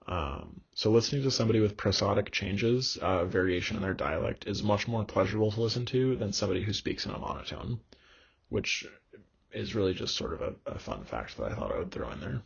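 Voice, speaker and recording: A young man giving a recorded online lecture, halting, with many fillers and restarts. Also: fairly low pitch, animated, creaky, husky. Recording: dull lo-fi recording.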